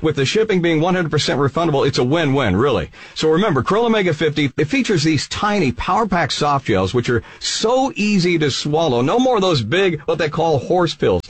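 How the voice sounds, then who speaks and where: A man hosting a radio infomercial, an upbeat pitchman who slows down to read out details. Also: breathy edge, no room sound. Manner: upbeat pitchman, reads number slowly. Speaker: radio show host.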